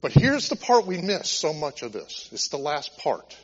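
A man's voice: a little high, very animated, moderate pace, slightly rough. A male pastor preaching a sermon in a church sanctuary, impassioned and conversational, often restarting his sentences. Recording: dull lo-fi recording with long hall reverb.

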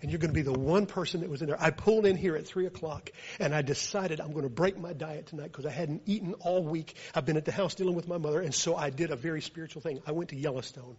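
A man with a Southern accent preaches, drifting into a lively story and swinging between quiet asides and loud bursts. His voice sits high for a man. The recording sounds dull and lo-fi. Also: fast, hardly any pauses, husky. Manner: animated, builds from quiet to loud when telling a story. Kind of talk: storytelling sermon.

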